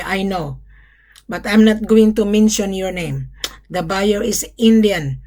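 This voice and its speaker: A woman's voice: medium pitch, a little mellow. A woman who works as a business facilitator, speaking straight to buyers and sellers in blunt, emphatic phrases, scolding them and repeating her points. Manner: talks in short, blunt phrases. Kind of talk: direct-to-camera business pitch.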